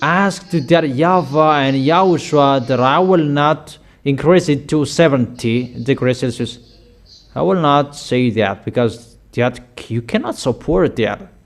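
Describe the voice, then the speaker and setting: A man preaching a sermon with slow, emphatic declarations, often repeating his lines for weight. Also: mid-range voice.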